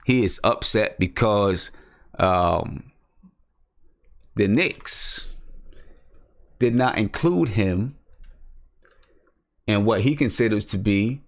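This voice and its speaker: Low-voiced man rambling about basketball. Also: drawn-out words, gravelly, pauses often. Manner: rambling, repeats himself, thinks aloud. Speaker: basketball podcast host. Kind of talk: casual live-stream sports talk.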